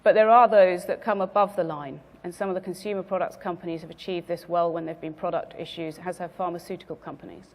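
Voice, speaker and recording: A woman speaker giving a measured business presentation to a conference audience, stressing her key words. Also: on the low side, fairly even intonation, a little mellow, big-room sound. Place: conference venue.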